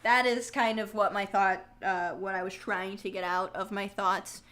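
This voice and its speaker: A woman's voice: mid-range voice, fairly even intonation, moderate pace, fairly bright tone. A young woman hosting a casual livestream, chatting, joking and answering viewer comments as she goes. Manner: laughs easily, jokey asides. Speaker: livestream host.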